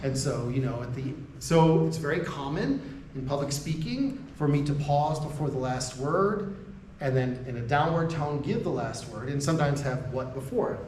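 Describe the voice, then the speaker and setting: An American man gives a conversational lecture to faculty, restarting his sentences and checking in with his listeners. His voice sits a bit high for a man. He is heard from a distance in an echoey room with faint ambient noise. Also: animated, moderate pace, darkish tone. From United States. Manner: laughs between points.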